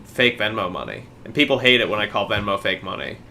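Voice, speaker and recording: A man's voice: on the low side, animated, fast, gravelly, bright, forceful tone, slight background noise. A man co-hosting a podcast, chatting casually and telling laid-back stories, swearing now and then. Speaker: podcast co-host. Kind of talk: casual chat.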